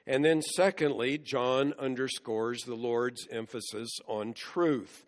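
A man preaching an expository sermon, explaining scripture verse by verse in a measured way. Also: mid-range voice, fairly even intonation. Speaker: pastor. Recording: long hall reverb.

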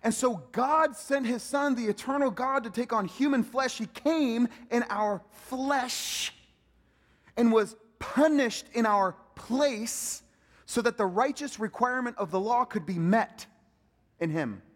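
A man with a high voice preaching a sermon from the pulpit of a church sanctuary. His delivery swings from loud, emphatic peaks down to soft, low asides. Long reverb trails each phrase through the hall. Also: unhurried. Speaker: pastor.

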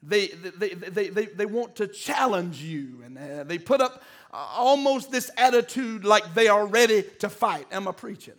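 A middle-aged pastor preaching a sermon, calling out to the congregation and building to emphatic peaks. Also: male voice, sits high, expressive, moderate pace, hardly any pauses, a bit bright. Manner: call-and-response preaching, rising to emphatic peaks.

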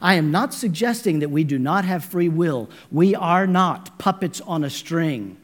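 A man's voice: on the high side, lively intonation, a little slow. A man preaching a sermon with emphasis, calling his listeners friends. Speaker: pastor.

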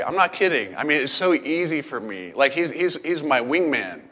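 A middle-aged man preaching a sermon as pastor, telling a family story in a playful, animated way. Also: fairly high pitch, moderate pace, few pauses. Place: camp meeting hall. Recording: long hall reverb.

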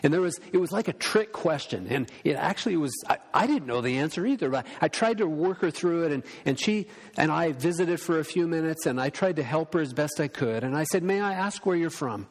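A man's voice: fairly high pitch, animated, brisk. A male pastor preaching a sermon, earnest and storytelling, acting out the voices of people he quotes. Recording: long hall reverb.

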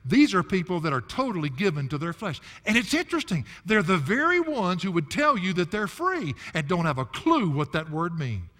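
Older preacher in a reverberant hall. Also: male voice, high-pitched, very animated, normal speed, hardly any pauses, fairly bright tone. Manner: folksy, chuckling asides, emphatic phrasing. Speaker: pastor. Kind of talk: expository sermon.

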